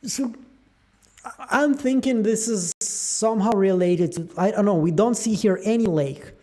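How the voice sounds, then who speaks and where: High-voiced man musing over show theories. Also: unhurried. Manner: musing aloud, animated, trailing fillers. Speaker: show theory channel host. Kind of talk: casual theory breakdown.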